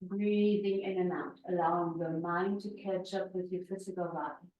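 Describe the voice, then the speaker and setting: A woman yoga instructor giving slow, calm spoken cues through a class. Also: lowish voice, distant mic, dull audio. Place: yoga studio. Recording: echoey room, voice from afar.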